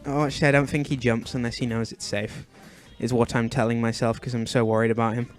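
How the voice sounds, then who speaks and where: A young man hosting a gaming video, chatting casually as he plays and fussing anxiously, with sudden high shrieks of alarm. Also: level tone, quick pace, soft background music. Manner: chatty, fretful and doting, often bursting into high shrieks. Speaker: gaming channel host. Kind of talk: Minecraft let's play commentary.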